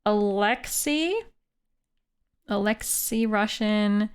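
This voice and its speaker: A woman's voice: on the high side, expressive, measured pace, fairly bright tone. A woman from Canada, a streamer, thinking aloud in casual, playful live game commentary.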